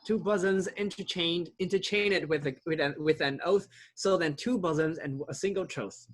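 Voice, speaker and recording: A man's voice: on the high side, normal speed, slight background noise, lightly acted. A man reading the part of an ardent young lover in an amateur play reading, earnest and declamatory. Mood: tender.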